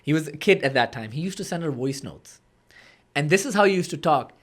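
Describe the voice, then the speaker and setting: A man's voice: a little high, lively intonation, fast talker. A young man, a comedian and vlogger, telling stories in a casual podcast chat and acting out his own past lines with animation.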